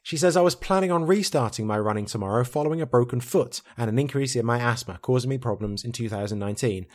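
A man's voice: mid-range voice, fast. A man co-hosting a podcast in casual chat, reading out listener messages with a dry, teasing humour. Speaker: podcast co-host.

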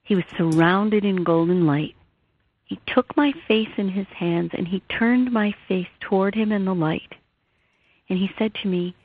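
A woman's voice: medium pitch, a little slow, dry recording. A woman author and therapist, telling a personal story in an earnest, heartfelt way during an interview. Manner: earnest, heartfelt, rises and falls with emotion. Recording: tinny phone line.

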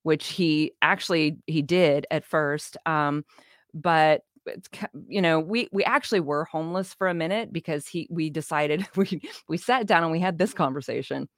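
A middle-aged woman, a guest in an interview, telling her life story in a casual, animated way, acting out quoted dialogue and laughing often. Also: deep voice, normal speed, dry recording, studio quality. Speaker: interview guest, business owner.

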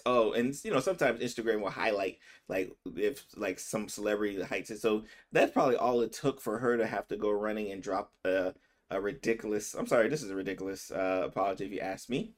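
Chatty man physician hosting a podcast. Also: on the low side. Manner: conversational, often checks in with "right?"; speeds up and slows down to stress words. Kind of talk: casual opinion commentary.

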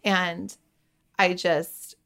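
A woman's voice: lowish voice, flat delivery, very slow, creaky, a bit bright. A woman in her thirties, a podcast guest, candidly telling a personal story in a chatty way, often quoting her own thoughts. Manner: candid, chatty, full of "like" and quoted inner thoughts.

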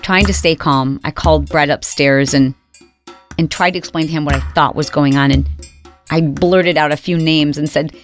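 A woman host telling her own story with dramatic storytelling, reliving her panic with sudden high exclaimed outbursts. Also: steady tone, moderate pace, faint music behind. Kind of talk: dramatic first-person storytelling.

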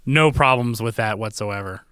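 A man co-hosting a podcast, chatting in a relaxed, casual way and trailing off with fillers. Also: lowish voice, normal speed, clear, resonant tone, no room sound, clean studio sound. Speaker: podcast co-host. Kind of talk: casual chat.

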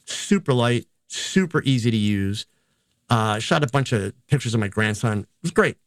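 An older man, both photographer and educator, shares rambling, self-deprecating stories in a relaxed interview. He sounds expressive at medium pitch and normal speed, captured in a dry recording.

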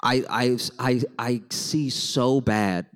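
Brief: man from Louisiana, animated live storyteller, wry asides to the crowd, mid-pitched voice. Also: slow pace. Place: stage before a live audience.

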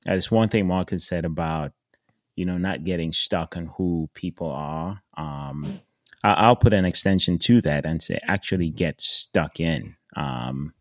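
A man co-hosting a podcast who speaks reflectively, with many ums, and lets his phrases trail off softly. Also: low voice, unhurried, no room sound, clean studio sound. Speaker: podcast co-host.

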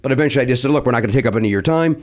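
A man's voice: medium pitch, very fast. A man telling a long anecdote in casual chat, acting out what people said with many restarts. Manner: animated, acts out quotes, restarts often. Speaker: storyteller guest.

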